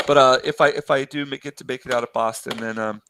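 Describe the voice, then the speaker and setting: Man, middle pitch, gravelly, dry close sound, rambling casual chat. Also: fairly even intonation, fast, noisy background. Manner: rambling, full of fillers and restarts.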